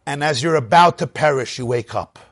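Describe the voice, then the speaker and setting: A man giving a Torah lecture, animated, swinging between loud emphatic bursts and quiet low asides. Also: brisk, breathy edge, dry recording, clean studio sound. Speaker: rabbi teaching a class.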